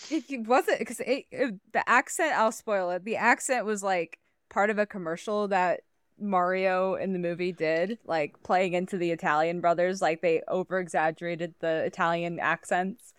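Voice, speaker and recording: A woman co-hosting a podcast, giggling, swearing and rambling in casual chat while high. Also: steady tone, normal speed, clear, resonant tone, no room sound, studio quality. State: high on cannabis. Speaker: podcast co-host.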